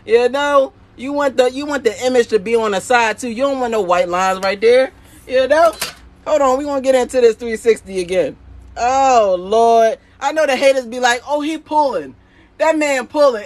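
Excitable guy with a really high voice on a live stream, reading comments, laughing a lot, hyped banter. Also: no room sound. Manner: excitable, laughing, repeats catchphrases; hype, playful banter with viewers. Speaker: sock printing business owner.

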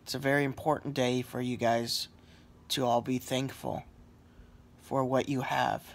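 A man's voice: mid-range voice, level tone, unhurried. A sleepy man lying on a couch at home, rambling in a casual vlog with lots of fillers and apologies. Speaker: vlogger.

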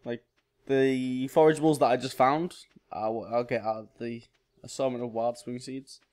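Male gamer host, casual let's-play commentary, chatty, mid-pitched, thinks aloud as he plays. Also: steady tone, moderate pace, darkish tone. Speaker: gaming channel host.

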